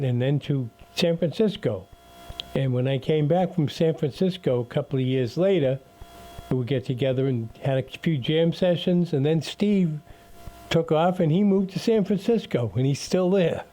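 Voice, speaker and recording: An older man hosting a local radio show, talking casually with frequent pauses and restarts. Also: fairly high pitch, warm tone. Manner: rambling, with many uhs and restarts. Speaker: radio host.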